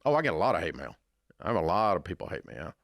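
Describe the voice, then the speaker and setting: A man's voice: low voice, sing-song, rapid-fire, gravelly, a bit bright, dry recording, studio quality. An older man with a Southern American accent, answering interview questions with folksy, blunt storytelling. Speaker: radio host, interviewee.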